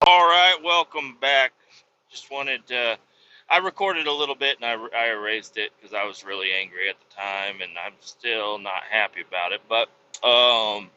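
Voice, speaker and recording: A man's voice: medium pitch, bright, forceful tone, highs cut off. A man from Kansas City, telling rambling, profane, self-mocking stories while he drives his truck. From Kansas City, USA. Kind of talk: casual storytelling monologue while driving. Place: in a truck cab while driving.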